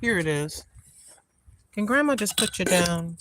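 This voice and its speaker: An older woman vlogs on a handheld phone while watering her garden outdoors, chatting casually to viewers and talking to herself. She sounds tired and calls herself Granny. Her voice is on the low side with lively intonation, her pace unhurried, and background noise can be heard.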